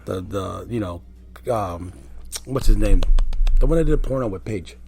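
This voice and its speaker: A man's voice: lowish voice, moderate pace, gravelly, a little mellow, husky, soft background music. A man, a former wrestler, recounting his career in a casual interview, telling stories with many fillers and restarts. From Colombian and Puerto Rican family. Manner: storytelling, frequent fillers and restarts. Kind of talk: casual conversation.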